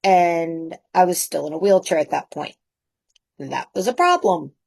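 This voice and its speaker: A woman in her fifties, a guest telling lively personal anecdotes in a casual way, laughing often. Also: on the low side, measured pace, vocal fry. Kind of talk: casual storytelling.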